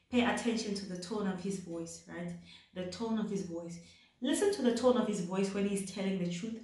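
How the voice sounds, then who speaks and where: A woman's voice: medium pitch, dark tone. Chatty woman in a very echoey room. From South Africa. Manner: chatty, repeats points with "right?". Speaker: vlogger giving dating advice. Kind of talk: casual advice talk to camera. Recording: very echoey room, distant mic.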